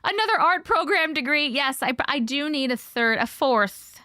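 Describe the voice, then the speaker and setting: A woman's voice: high-pitched, animated, normal speed, pushed and bright, dry recording, clean studio sound. A woman hosting a livestream, chatting casually with viewers, greeting them by name and laughing often. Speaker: livestream host.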